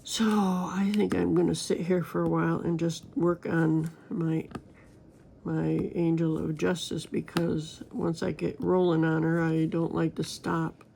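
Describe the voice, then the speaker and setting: Gravelly-voiced woman chatting casually. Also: on the low side, level tone, a little slow, dark tone, a little hiss or hum. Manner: rambling, chatty, talks straight to viewers. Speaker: crafting vlogger. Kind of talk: casual chat while diamond painting.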